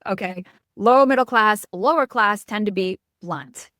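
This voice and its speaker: A middle-aged woman from New York, a marketing expert speaking as a podcast guest, blunt and animated, often breaking off mid-sentence. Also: mid-range voice, moderate pace, no room sound, clean studio sound. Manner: blunt, animated, self-interrupting. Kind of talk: casual podcast interview.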